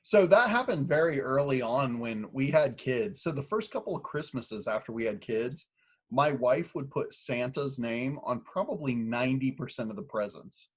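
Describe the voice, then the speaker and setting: A man in his thirties hosting a podcast, chatting casually, telling animated stories and often breaking into laughter. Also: mid-range voice, moderate pace, breathy edge. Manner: animated storyteller who laughs a lot. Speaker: podcast host.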